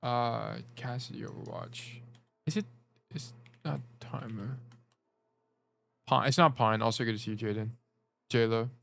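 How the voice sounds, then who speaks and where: A man's voice: mid-range voice, steady tone, measured pace, vocal fry, pauses often, fairly bright tone. A man coaching players over a casual livestream, rambling, joking and swearing as he talks. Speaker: game coach.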